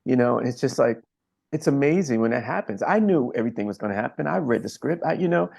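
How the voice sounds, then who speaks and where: Gravelly, husky-voiced man telling a story. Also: medium pitch, animated, darkish tone. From Philadelphia, USA. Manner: earnest, reflective, pausing often with fillers. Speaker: camera operator guest. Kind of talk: conversational interview storytelling.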